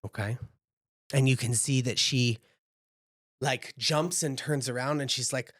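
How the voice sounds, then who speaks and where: A male game master narrating a tabletop game in an unhurried, descriptive way, dropping in casual asides as he sets each scene. His voice sits in a middle register and is recorded dry and close, with no room sound. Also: mid-range voice, steady tone, a bit bright, no echo.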